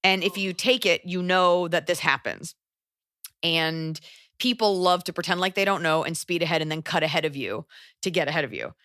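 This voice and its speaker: Blunt, animated woman podcast host. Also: fairly low pitch, no room sound, studio quality. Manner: animated, blunt, swearing, quick asides. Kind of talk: casual advice chat.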